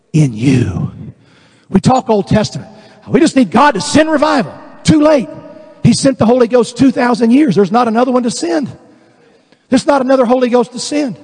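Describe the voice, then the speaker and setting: A man with a Southern US accent preaches in a husky, fairly high voice. He acts out the voices of doubters and slows right down for emphatic lines. His voice rings with the long reverb of a large church sanctuary. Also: dark tone. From American South. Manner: preaching with acted-out voices, dramatic drops and slow emphatic lines. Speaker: pastor. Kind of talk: sermon.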